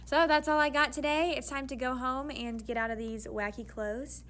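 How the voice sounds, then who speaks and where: A woman's voice: high voice, a little fast, fairly bright tone. Chatty woman teacher vlogging. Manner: chatty and upbeat, laughs often. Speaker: elementary school teacher. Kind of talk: casual vlog chat.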